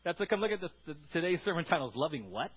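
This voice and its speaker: Animated high-voiced man preaching a sermon. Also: racing, lo-fi sound. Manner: animated, conversational, repeats words and asks the congregation "right?". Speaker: pastor.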